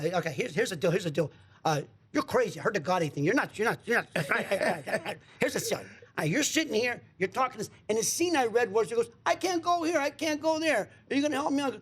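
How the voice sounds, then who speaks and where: There's a breathy edge to this man's high voice as he, a studio guest on the radio, recounts a long story. Animated throughout, he acts out the quotes of everyone in the tale and repeats words, keeping it a storytelling chat.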